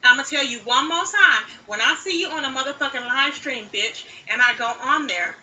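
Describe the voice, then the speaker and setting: Angry woman streamer scolding hard, cursing every line; bright, distant recording with faint noise. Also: high-pitched, lively intonation, brisk, hardly any pauses. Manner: heavy cursing, confrontational, scolding. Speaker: livestreamer. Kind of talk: angry livestream rant. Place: played back from another live stream. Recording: bright clip with background noise, far from mic.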